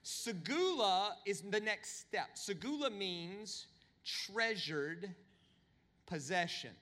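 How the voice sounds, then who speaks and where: A man preaching a sermon, telling humorous stories with animated, swinging delivery. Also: slow, in a large hall. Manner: animated, humorous storytelling with big pitch swings. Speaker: pastor.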